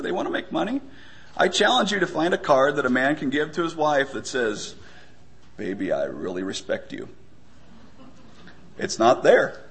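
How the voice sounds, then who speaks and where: A man giving a conversational sermon, often pausing with fillers and stumbling for words. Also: sits high, fairly bright tone. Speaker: preacher.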